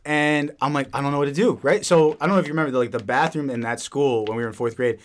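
A young man hosting a podcast, telling crude stories in a rapid, animated, casual way. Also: mid-range voice. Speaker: podcast host. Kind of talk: casual chat.

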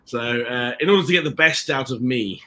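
A man with an English accent talks quickly and at a middle pitch. He rambles through his stories, breaking off and restarting as he goes. He sounds like an actor chatting casually in an interview over a video call. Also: bright, forceful tone. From England. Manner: rambling, self-interrupting anecdotes.

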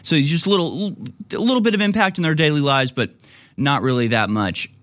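A man's voice: fairly high pitch, a little fast, a bit bright, no echo. A man hosting a talk radio show, rambling in a casual monologue and now and then acting out other people.

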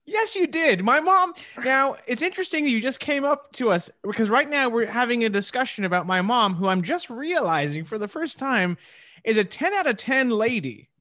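A man's voice: very high voice, big pitch swings, normal speed, sharp tone, full character voice. A man voicing an awkward, eager young son who rambles and hesitates in an improvised comedy sketch. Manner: rambling, hesitant, with filler words.

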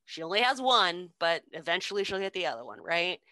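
A woman's voice: on the low side, big pitch swings, fairly quick, sharp tone, no echo. A young woman casually retelling a story with sarcasm, frequent swearing and laughter, as a podcast co-host.

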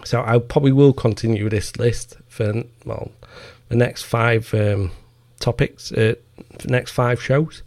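Guy ranting on his podcast, swears a lot, mocking, kinda gravelly. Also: mid-range voice, fairly even intonation, measured pace, a little mellow, no room sound. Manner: profane, heated, mocking. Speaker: podcast host. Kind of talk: ranting commentary.

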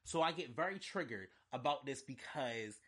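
A man's voice: medium pitch, animated, normal speed, a bit bright, breathy edge. A man reviewing an album in an unscripted, emotional rant, talking in a profane, heated and emphatic way. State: choked up. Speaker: music reviewer.

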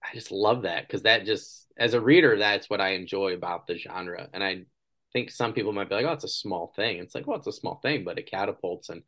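Speaking briskly in a low-pitched voice, a podcast host in his thirties chats casually with interview guests. He's an animated storyteller who impersonates the people he quotes.

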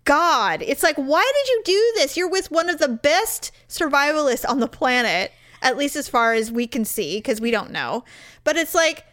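A woman's voice: high voice, lively intonation, normal speed, fairly bright tone. A woman co-hosting a casual chat show, blunt and profane, acting out the people she quotes. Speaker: podcast co-host.

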